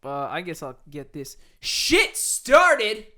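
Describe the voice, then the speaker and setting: Goofy podcast dude, kinda high voice, jokey wordplay. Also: male voice, wildly swooping pitch, takes it slowly, pushed and bright. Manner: playful, goofs with wordplay. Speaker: podcast co-host. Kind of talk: casual chat.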